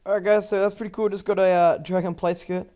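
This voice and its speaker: A man's voice: high-pitched, level tone, quick pace, dark tone, muffled recording. A teenage boy with an Australian accent, rambling casually over gameplay with lots of ums, restarts and swearing. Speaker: gaming YouTuber.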